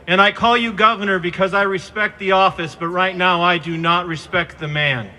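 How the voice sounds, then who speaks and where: A man giving an impassioned protest speech outdoors into a handheld microphone, fervent and at times shouting. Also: sits high, fairly even intonation, normal speed. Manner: fervent, addresses the governor directly, rises to shouts. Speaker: protest speaker.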